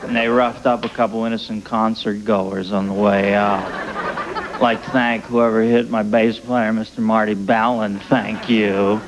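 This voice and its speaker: A man's voice: on the low side, little pitch movement, measured pace. A man hosting a late-night talk show, trading sardonic wisecracks before introducing his next guest in a TV studio. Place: TV studio with live audience. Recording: broadcast with audience crowd noise.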